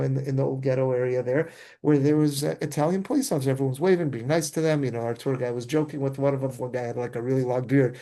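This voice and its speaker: A man's voice: medium pitch, dark tone. A man, a rabbi, telling a travel story in casual discussion, rambling with frequent restarts and self-corrections.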